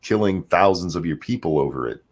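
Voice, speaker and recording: A man hosting a livestream chat, reading viewer comments aloud and swinging between loud jokes and mumbled asides. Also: low voice, expressive, a little fast. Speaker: livestream show host.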